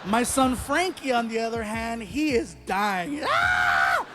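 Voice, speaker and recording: Brief: man in his forties, stand-up comic on a big stage, lively storyteller, clear music underneath. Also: extremely high pitch, unhurried. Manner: animated, shouts the punchlines in voices. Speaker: stand-up comedian. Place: stage before a large audience.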